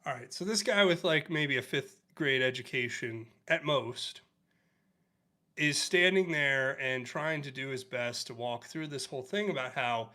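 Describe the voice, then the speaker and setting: A man's voice: mid-range voice, a little slow, bright, forceful tone. A man hosting a livestream, commenting on clips with sarcastic, chuckling asides. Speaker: livestream host.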